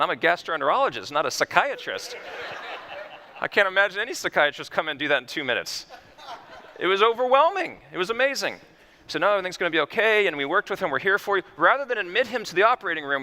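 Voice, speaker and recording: Male physician speaker, fairly high bright voice, animated storytelling keynote.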